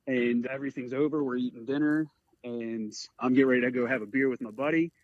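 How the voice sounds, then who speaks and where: A man in his forties from the Eastern Shore of Maryland, a career firefighter telling a personal story in an earnest, halting way full of "like" fillers. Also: mid-range voice, steady tone, no echo. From Eastern Shore of Maryland, USA. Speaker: career firefighter, podcast guest. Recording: dry, slightly muffled audio.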